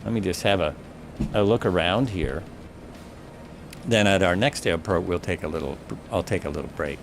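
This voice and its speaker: Over music, a man with a deep, creaky voice talks at a moderate pace. He's giving casual live commentary on a flight simulator stream, musing out loud and frequently pausing to fix what he just said.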